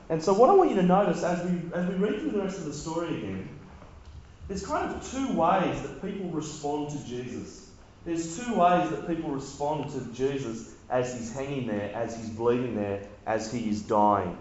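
A man preaching a sermon, retelling the scene with dramatic repetition and emphasis. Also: a little high. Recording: very echoey, dull lo-fi sound.

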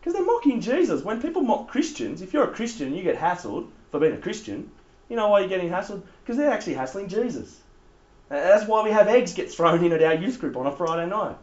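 A man gives a casual, animated Bible talk to young people, often laughing. His voice sits high and swoops widely. The recording is roomy and slightly dull. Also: quick pace. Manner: animated, laughing, conversational preaching. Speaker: youth leader.

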